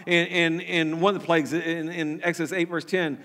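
A man's voice: fairly high pitch, flat delivery, a little fast, few pauses, fairly bright tone, in a large hall. A man preaching a sermon as pastor, earnest, often repeating words and restarting his sentences.

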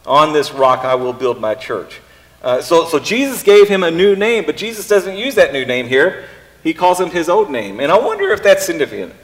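A pastor preaching a casual sermon, often pausing and repeating words as he thinks aloud. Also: a little high, very animated. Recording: long reverb in a hall.

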